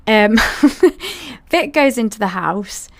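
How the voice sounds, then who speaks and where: A woman's voice: mid-range voice, expressive, slow, gravelly, noisy background. Chatty woman telling a ghost story. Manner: conversational, talks straight to listeners with asides. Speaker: podcast host.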